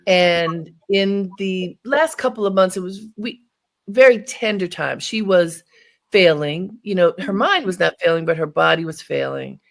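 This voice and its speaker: Woman radio host, a bit of vocal fry, talks slow and reflective. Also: on the low side, lively intonation. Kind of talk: radio interview.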